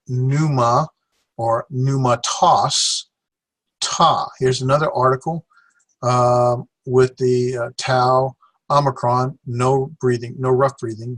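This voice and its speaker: A man teaching a Greek class, sounding out syllables with many pauses and fillers. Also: mid-range voice, level tone, a bit bright, no echo. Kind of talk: recorded classroom lecture.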